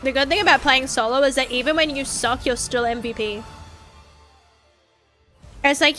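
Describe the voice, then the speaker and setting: A woman's voice: high voice, steady tone, normal speed, pauses often, a bit bright, soft background music. A woman streaming a game in casual chat, dramatic and whiny, swearing freely as she talks.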